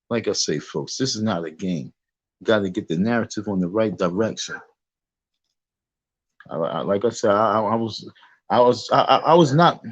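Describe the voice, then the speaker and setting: A man's voice: fairly low pitch, breathy edge, no room sound, highs cut off. Rambling, restless middle-aged man vlogging. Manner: excitable, repetitive restarts, profane street talk. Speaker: vlogger commentator. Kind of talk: rambling reaction commentary.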